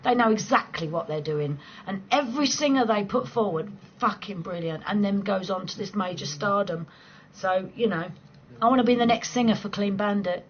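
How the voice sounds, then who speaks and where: Broadcasting late at night from her home, a woman in her 40s banters playfully with her livestream viewers, cursing often and laughing frequently. She speaks at a moderate pace with a medium pitch. The audio has its highs cut off and a bit of background noise.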